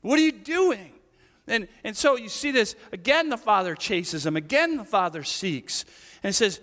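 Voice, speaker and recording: A man preaching a sermon as a pastor, telling the story with animated swings from loud, high cries to hushed whispered asides. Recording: reverberant hall.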